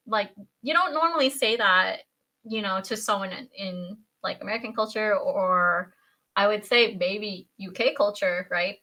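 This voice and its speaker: A woman's voice: mid-range voice, pushed and bright. A woman who is a parent, chatting as a podcast guest and playfully acting out quoted lines in silly voices. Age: adult, a parent. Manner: chatty, quick to act out quotes in funny voices. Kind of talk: casual chat.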